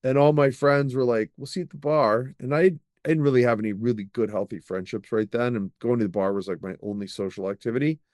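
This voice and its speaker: A middle-aged man, a podcast guest, telling long personal stories in a lively, rambling way, with many fillers and restarts. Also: medium pitch, quick pace, few pauses, dry recording, studio quality. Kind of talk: storytelling in an interview.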